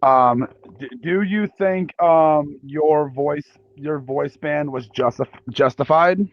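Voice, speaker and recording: A young man hosting a convention panel, talking casually to the audience in a halting way with many restarts. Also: on the high side, dry recording. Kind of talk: live panel talk polling an audience. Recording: dull lo-fi recording.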